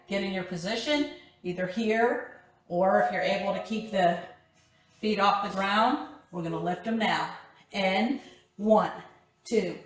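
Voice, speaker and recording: A woman's voice: mid-range voice, recorded from a distance. A woman instructor leading a core workout class, counting reps and calling out short cues. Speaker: fitness instructor. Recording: echoey room with background music.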